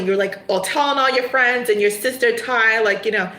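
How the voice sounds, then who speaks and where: A woman giving a livestream tarot reading, telling stories with animated play-acting. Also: a little high, brisk, few pauses, echoey room, poor audio. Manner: animated storytelling, acting out scenes. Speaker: tarot reader.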